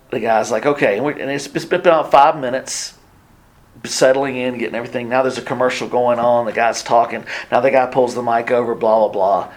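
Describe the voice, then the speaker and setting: A man preaching a sermon, telling a story with acted-out quotes and sudden drops to near whispers. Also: medium pitch. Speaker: pastor.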